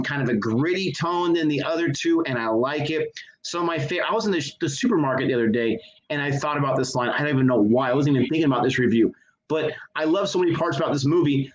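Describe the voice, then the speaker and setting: A man in his thirties with a slightly high voice co-hosts a casual movie review show, talking briskly and gushing with enthusiasm. The audio is poor, with crowd noise and connection issues.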